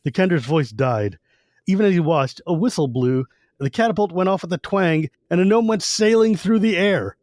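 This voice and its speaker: A man co-hosting a casual podcast, loosely retelling scenes from a fantasy book and slipping into quick character quotes. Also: sits high, expressive, darkish tone, no echo, studio quality. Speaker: podcast co-host.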